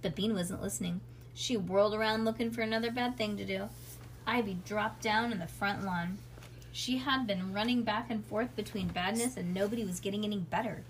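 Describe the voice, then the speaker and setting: A woman reading a children's chapter book aloud in animated storybook style. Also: mid-range voice, brisk, slight background noise.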